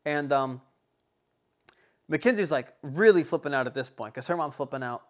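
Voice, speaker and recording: A young man hosting a casual podcast, telling a story in an animated, rambling way full of swearing and fillers. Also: on the high side, normal speed. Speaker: podcast host.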